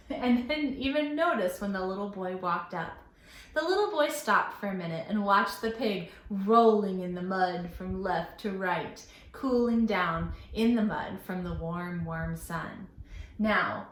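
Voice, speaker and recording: A woman librarian reading a story aloud to children at storytime, expressive and asking them questions. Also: medium pitch, echoey room, a little hiss or hum.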